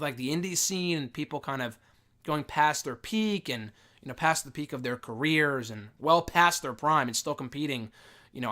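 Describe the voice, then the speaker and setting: Animated, bright-voiced man rambling. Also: fairly high pitch. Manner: rambling, profane, lots of fillers and restarts. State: recovering from a cold. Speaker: wrestling show host reviewing a film. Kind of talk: casual spoken review.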